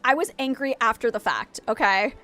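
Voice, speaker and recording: A woman's voice: a little high, moderate pace, soft background music. A woman in her thirties chatting animatedly while streaming a game from her home office. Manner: chatty, animated, swears and laughs often. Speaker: gaming streamer. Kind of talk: casual storytelling while gaming.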